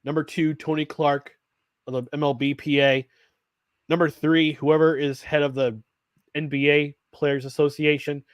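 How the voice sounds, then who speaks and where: A man's voice: a little high, level tone, normal speed, no echo. A man co-hosting a live sports talk show, rambling with restarts and reading viewer comments aloud. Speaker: podcast co-host.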